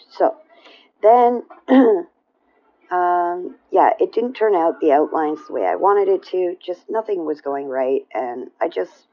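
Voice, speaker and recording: A woman with a low voice chats casually to her viewers about her coloring pages. She rambles with plenty of fillers and keeps clearing her throat. The home recording sounds dull and lo-fi. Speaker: coloring vlogger. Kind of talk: casual show-and-tell chat.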